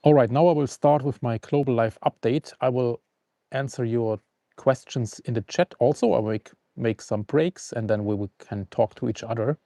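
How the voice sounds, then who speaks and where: A man hosting a live stream from outdoors, calm and unhurried as he greets viewers and reads the news. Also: mid-range voice, no echo, clean studio sound. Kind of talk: casual live stream chat and news reading. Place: outdoors at a forest camp on the coast.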